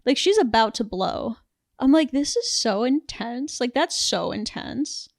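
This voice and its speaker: Young woman, podcast co-host, casual film chat, gravelly, dry close sound. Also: fairly high pitch, no echo. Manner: animated retelling, quoting characters in quick voices.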